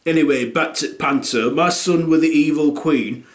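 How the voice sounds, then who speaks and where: A man's voice: a little high, moderate pace, roomy sound, natural voice. A man playing a blunt, crude dad in his thirties, rambling with lots of fillers in a comic monologue. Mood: gossiping. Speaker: comedy character.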